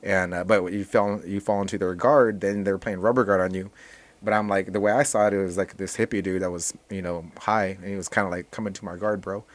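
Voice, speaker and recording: Deep-voiced man chatting casually. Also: brisk. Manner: relaxed, rambling, many restarts and fillers. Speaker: jiu-jitsu instructor and guest. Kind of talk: casual podcast chat.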